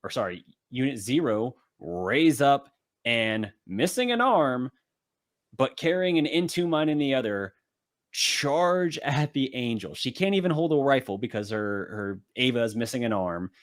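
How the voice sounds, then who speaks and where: A man co-hosting a podcast, chatting casually through an episode recap and acting out character lines in quick bits. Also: medium pitch, very animated. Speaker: podcast co-host. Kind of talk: casual anime recap chat.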